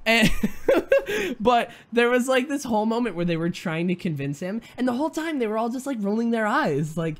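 A man's voice: high-pitched, animated, normal speed. A man hosting a casual review of a TV show, rambling and chatty, with frequent fillers and self-interruptions. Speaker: host.

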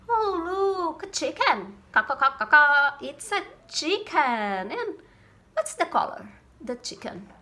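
Woman, kids' English teacher, very slow, bouncy sing-song pitch. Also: a bit bright. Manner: slow, sing-song, repeats words, makes animal sounds. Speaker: English teacher for young children. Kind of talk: slow, simple classroom lesson for small kids.

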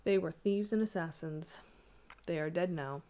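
Woman doing a timid scared villager, mutters, lowish voice. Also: moderate pace, smooth, lightly acted. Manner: timid, hushed. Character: timid, frightened village man. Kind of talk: audiobook reading.

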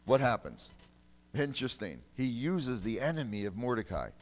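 Folksy emphatic preacher in a church hall. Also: male voice, mid-range voice, sing-song, moderate pace. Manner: folksy, emphatic preaching with sudden loud bursts. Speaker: pastor. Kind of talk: sermon. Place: church sanctuary.

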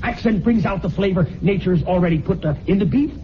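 An actor playing an evasive male politician who dodges questions and hedges with halting "uh"s, on a dull old recording with noise. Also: high-pitched, lightly acted. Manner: dodging, noncommittal, halting with "uh". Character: evasive hedging male politician being quizzed.

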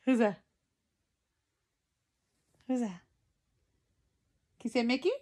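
A woman's voice: a little high, slow pace, warm tone. A young woman filming her toddler at home on a phone, talking to him in coaxing, sing-song baby talk. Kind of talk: home video chat with a baby.

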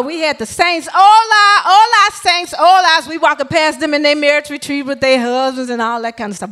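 High-pitched woman elder, preaching a chatty, story-driven sermon in church. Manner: lively, conversational, addresses congregation directly. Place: church sanctuary.

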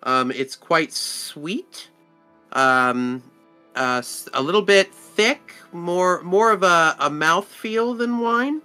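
Slow, bright-voiced male game master, faint background music. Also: high-pitched, lively intonation. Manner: slow, halting, many fillers. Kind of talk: narrating a tabletop game.

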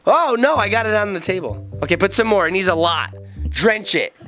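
A middle-aged man hosting a kids' game video, joking excitedly and playfully as he plays alongside his child. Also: sits high, brisk, soft background music. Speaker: gaming channel host.

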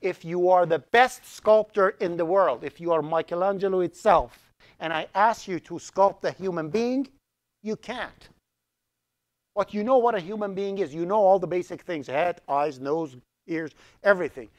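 A middle-aged man who grew up speaking Azerbaijani, teaching a college programming class in a lively, joking way and putting questions to the students. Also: high-pitched, normal speed. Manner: lively, asks the class questions, jokes around. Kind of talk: live classroom lecture.

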